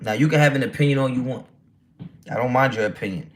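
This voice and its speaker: A man with a medium-pitched voice talks fast while hosting a casual football livestream. He's brash and swears a lot, reading his chat aloud and answering it.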